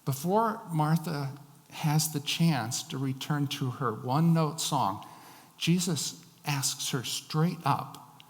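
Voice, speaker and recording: A man preaching a sermon as a pastor, telling stories with shifting emphasis. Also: on the high side. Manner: storytelling, varied emphasis. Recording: long hall reverb.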